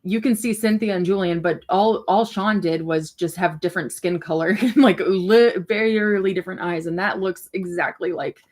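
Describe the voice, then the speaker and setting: A woman's voice: fairly low pitch, moderate pace, few pauses. Chatty woman hosting a casual livestream. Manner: rambling and animated, with frequent fillers and swearing. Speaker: livestream host. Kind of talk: casual livestream chat reacting to viewer comments.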